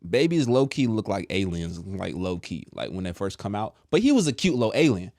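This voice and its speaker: A man casually telling a personal testimony, animated and full of slang, acting out what others said. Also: fairly low pitch, a little fast, gravelly, dry recording, studio quality. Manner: animated, acts out quotes with slang. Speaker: storyteller sharing a testimony.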